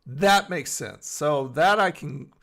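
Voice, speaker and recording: A middle-aged man with a gravelly voice pitched a bit high talks to his live-stream viewers from bed. He rambles, reads out chat and answers people by name in a loose, chatty way. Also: animated, takes it slowly, a bit bright. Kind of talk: casual live-stream chat, reading chat aloud. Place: in bed at home.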